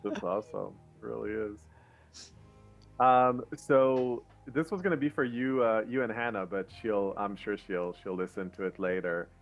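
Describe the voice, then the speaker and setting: A man hosting a casual interview, relaxed, passing on audience messages. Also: fairly low pitch, normal speed, vocal fry, muffled recording, soft background music. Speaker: host.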